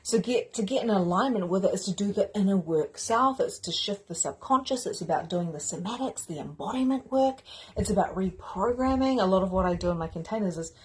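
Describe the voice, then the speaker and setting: Husky-voiced woman spiritual mentor. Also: medium pitch, a little fast. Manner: energetic, emphatic, casual with swearing and repetition. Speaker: spiritual mentor and course host. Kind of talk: motivational teaching talk.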